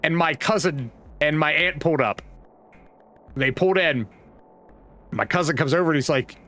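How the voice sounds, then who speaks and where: A man's voice: a little high, lively intonation, measured pace, pushed and bright. Rambling man telling stories. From West Virginia, USA. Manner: rambling, with restarts and asides. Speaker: vlogger. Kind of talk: casual storytelling while browsing a map.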